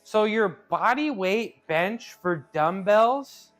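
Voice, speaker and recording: Man live-streaming a workout and reading chat, slightly high, easygoing and talkative, light music under him. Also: expressive, slow pace, a bit bright. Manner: chatty, laughs easily, restarts phrases. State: working out.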